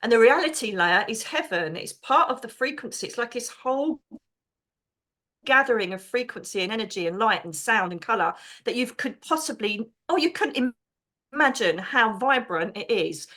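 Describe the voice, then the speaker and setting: Bright-voiced excitable woman. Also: a little high, moderate pace. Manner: excitable, chatty, acts out quoted voices. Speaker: podcast guest, psychic medium. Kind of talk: animated storytelling.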